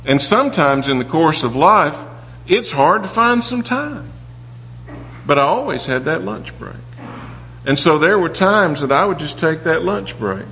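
A fairly high-voiced man preaches with earnest, personal storytelling. His voice carries a long reverb, as if from a large hall. The sound is a little dull, with a faint hum underneath. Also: expressive, measured pace. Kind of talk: sermon.

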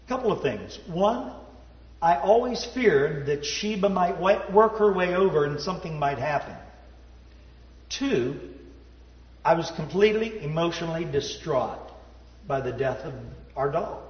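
A man telling a personal story in a sermon, folksy and self-deprecating, dropping to a low hush at the sad parts. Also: lively intonation, measured pace. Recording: roomy hall reverb, dull sound.

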